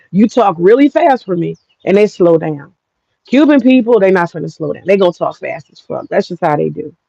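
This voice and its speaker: A woman's voice: fairly low pitch, animated, a little fast, gravelly, warm tone, no room sound, lo-fi sound. An American woman with an African American English accent, telling a personal story in a frank, profane, rambling vlog. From United States. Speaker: vlogger.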